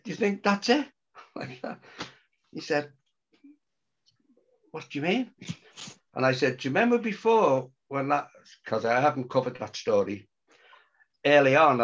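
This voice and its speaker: An older man telling a story in a casual interview, acting out what people said and laughing as he goes. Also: mid-range voice. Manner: animated, acts out quotes, laughs often. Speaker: storyteller guest. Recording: muffled lo-fi sound.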